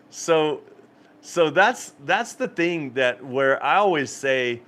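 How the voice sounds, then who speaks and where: A man's voice: on the high side, lively intonation, normal speed, fairly bright tone. A man hosting a cruise channel live stream, telling stories in a rambling, casual way with frequent laughs and restarts.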